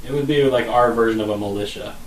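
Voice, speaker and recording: A man's voice: mid-range voice, fast talker, a little hiss or hum. Laid-back guy, distant roomy mic. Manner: rambling, laid-back, trails off with fillers. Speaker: podcast co-host. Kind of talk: casual chat.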